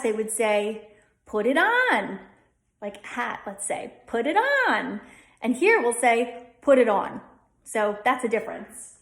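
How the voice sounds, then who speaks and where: A woman's voice: a little high, echoey room. A woman from Delaware County with a Delco accent, teaching a dialect lesson at a whiteboard and repeating each sound several times. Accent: Delco (Delaware County, Pennsylvania). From Delaware County, Pennsylvania. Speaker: dialect coach.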